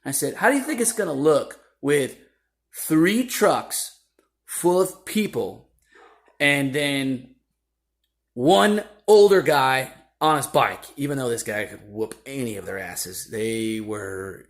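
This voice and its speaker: Man, casual storytelling, middle pitch, animated delivery. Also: takes it slowly. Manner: animated, acts out shouting voices in quotes.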